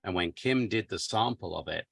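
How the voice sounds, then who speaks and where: An English man, an audiobook narrator, chatting casually and relaxed, with plenty of fillers. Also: sits low, normal speed, vocal fry, husky, no room sound. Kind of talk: casual conversation.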